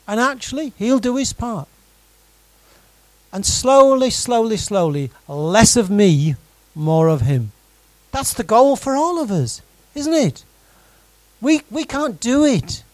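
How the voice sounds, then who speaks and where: Animated, high-voiced male preacher. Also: dry recording, poor audio. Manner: animated, conversational preaching with direct questions to the congregation. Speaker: pastor. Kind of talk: sermon.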